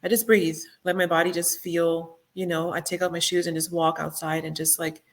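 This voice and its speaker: Low-voiced reflective middle-aged woman. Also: level tone, normal speed. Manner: reflective, soft-spoken, uses many fillers. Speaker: podcast guest. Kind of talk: casual interview chat.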